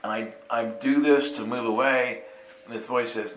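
A man's voice: mid-range voice, brisk. A man with a mid-range voice spins a personal story in a loose, conversational way. He slips into little voices for the people in the tale and laughs along as he goes. The sound carries a noticeable room echo. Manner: animated, acts out quotes with voices, laughs often, asks "right?". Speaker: storyteller recounting a personal experience. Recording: roomy echo.

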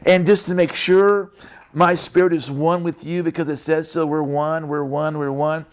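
A man's voice: on the high side, fairly even intonation, normal speed. Emphatic, repetitive Christian speaker, man. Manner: repetitive, emphatic, frequent "right?" tags. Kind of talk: casual testimony talk.

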